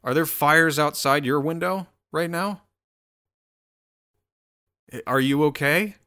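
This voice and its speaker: A man with a higher-pitched, sharp-toned voice hosts his own solo show, speaking slowly. It's a casual, profane rant that rambles, and he keeps interrupting and restarting himself.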